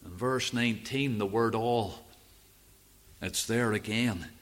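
Man preaching slow, bright clear voice, leans hard on repeated lines. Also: lowish voice. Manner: slow, measured Bible exposition with emphatic repetition. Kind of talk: sermon.

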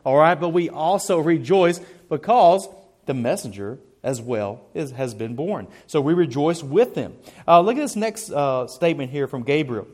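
A man's voice: fairly high pitch, expressive, normal speed, a little mellow. A man preaching a sermon, earnest and emphatic, often repeating words as he starts a thought. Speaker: pastor.

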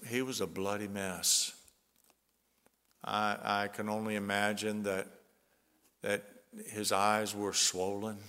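A man preaching a sermon as pastor, earnest and conversational, with soft chuckles between points. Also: on the low side, clear, resonant tone. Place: church sanctuary. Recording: long church reverb.

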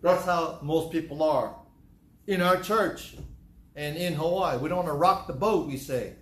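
A male pastor delivering a sermon, conversational but breaking into loud emphatic bursts. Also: a little high, unhurried. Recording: echoey room.

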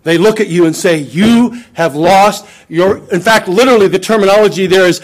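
A man with a high voice preaches a sermon. He leans hard on his points and acts out the scripture he quotes with drama. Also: normal speed, hardly any pauses. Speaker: pastor.

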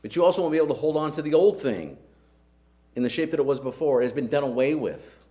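A man's voice: on the high side, expressive, fast, dark tone. A man preaching a sermon in an earnest, emphatic way, with frequent rhetorical questions to the congregation.

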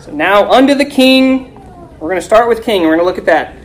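A woman teaching a Bible lesson, reading scripture slowly and forcefully and quizzing her listeners with rhetorical questions. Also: mid-range voice, lively intonation, slight background noise, low-quality recording.

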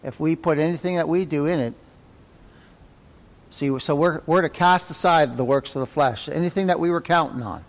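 A man teaching a Sunday school Bible class, folksy and conversational, often repeating his points and asking "right?" His voice sits a little high for a man. Long reverb from the church hall trails each phrase. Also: moderate pace.

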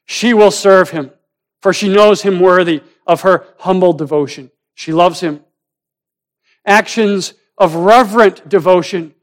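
Preacher with dramatic loud-soft swings. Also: male voice, high voice. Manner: swings from loud, rising emphasis to hushed, near-whispered lines. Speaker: pastor. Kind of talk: sermon.

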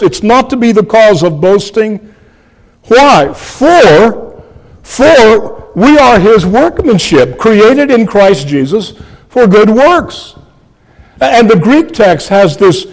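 A man delivers an expository sermon at an unhurried pace. His voice sits fairly high and swings widely in pitch as he stresses words. He speaks earnestly, repeats key phrases for emphasis and calls his listeners friends. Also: in a large hall. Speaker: preacher.

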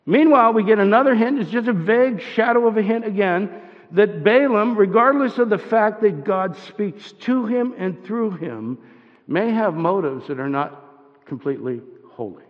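A man's voice: sits high, expressive, normal speed, big-room sound, highs cut off. A man giving a conversational sermon, often restarting his sentences and asking his listeners questions. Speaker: preacher.

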